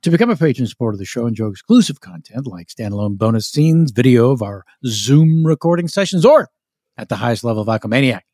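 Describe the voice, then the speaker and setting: A man's voice: medium pitch, animated, fast talker, a little mellow, no room sound, clean studio sound. A man hosting a comedy podcast, chatting casually and reading out listener mail, often interrupting himself. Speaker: podcast host.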